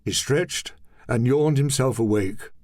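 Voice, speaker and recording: A man narrating a children's audiobook in a lively, expressive reading. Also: mid-range voice, takes it slowly, no room sound, clean studio sound. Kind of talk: scripted storybook narration.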